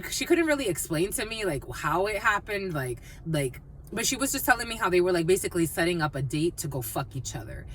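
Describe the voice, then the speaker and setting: A woman giving a casual collective tarot reading, mixing personal stories with blunt, animated talk and plenty of swearing. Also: fairly low pitch, brisk, a little hiss or hum. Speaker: tarot reader.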